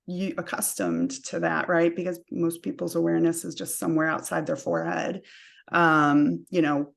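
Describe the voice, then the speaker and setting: Gravelly-voiced woman coach, relaxed. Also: fairly low pitch, normal speed. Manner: relaxed, frequent "you know" and "um" fillers. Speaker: guest, energy and career coach. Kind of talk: casual interview chat.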